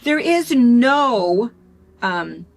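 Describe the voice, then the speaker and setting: A woman's voice: fairly high pitch, very animated, drawn-out words, gravelly. A middle-aged American woman hosting a casual chat, rambling along with lots of fillers. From United States. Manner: rambling, chatty, with frequent fillers. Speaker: show host.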